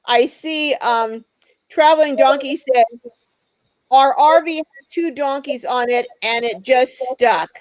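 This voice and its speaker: A chatty woman with a high voice hosts a live stream, reading viewer comments aloud and greeting each person by name. Her voice sounds dry and close, with little room echo. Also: slow pace.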